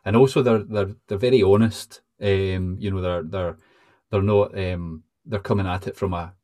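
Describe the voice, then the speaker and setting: A man's voice: low-pitched, fairly even intonation, normal speed, warm tone, dry recording, clean studio sound. A man hosting a casual interview, asking rambling questions with many restarts. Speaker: podcast host.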